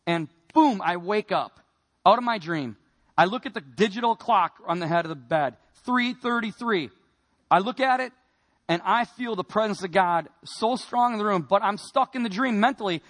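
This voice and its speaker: Man, high voice, personal testimony, earnest storyteller, quiet then emphatic. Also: lively intonation, normal speed. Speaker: speaker giving a personal testimony. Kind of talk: emotional testimony sermon.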